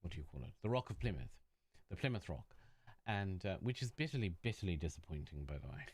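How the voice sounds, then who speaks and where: A man's voice: deep voice, lively intonation, quick pace, darkish tone, breathy edge, no echo, studio quality. A British man co-hosting a live podcast chat, telling stories casually and swearing freely. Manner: chatty storyteller, swears freely. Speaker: podcast co-host.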